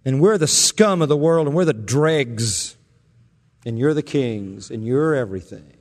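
A man's voice: medium pitch, lively intonation, unhurried, a little mellow. Emphatic male preacher in a reverberant hall. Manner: sarcastic, emphatic preaching with rising intensity. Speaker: pastor. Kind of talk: expository sermon.

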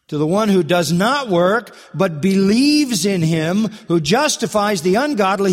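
A man preaching an expository sermon, repeating key phrases for emphasis and asking rhetorical questions. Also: on the high side. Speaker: pastor. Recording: long hall reverb.

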